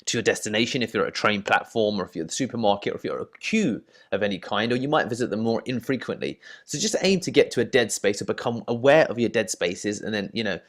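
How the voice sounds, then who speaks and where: A man's voice: on the low side, expressive, fast talker, hardly any pauses. English guy in his 30s, dating coach vibe, rambly and chatty, lots of you know and right. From England. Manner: chatty, stammers and repeats words, frequent "you know" and "right?". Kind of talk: casual advice talk to camera.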